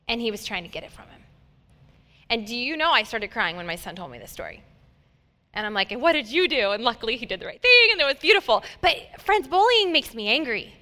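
Woman preaching in a reverberant hall. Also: on the high side. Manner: heartfelt, conversational, swings between loud emphasis and soft near-whispers. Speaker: pastor. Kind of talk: sermon.

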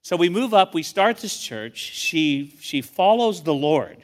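An older man's slightly high, sing-song voice moves unhurriedly through a sermon he's giving as a guest pastor. He talks to the congregation in a chatty, narrative way, often echoing words as he launches a thought.

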